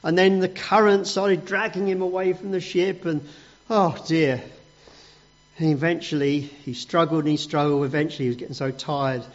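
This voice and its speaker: A man telling a story to a group of children in an animated, playful way. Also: high-pitched, moderate pace, muffled recording.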